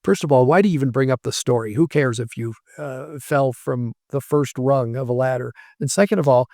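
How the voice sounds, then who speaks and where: Gravelly-voiced male professor explaining. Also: medium pitch, brisk, a little mellow, no echo, clean studio sound. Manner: patient, explains with worked examples and anecdotes. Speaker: language professor as guest. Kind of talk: explanatory interview talk.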